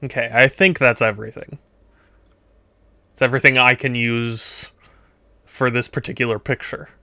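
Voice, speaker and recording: A man's voice: medium pitch, fairly even intonation, moderate pace, sharp tone, no room sound. A man streaming while he draws requests, chatting casually and rambling, often laughing and trailing off in thought. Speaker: streamer taking art requests. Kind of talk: casual live-stream chat while drawing.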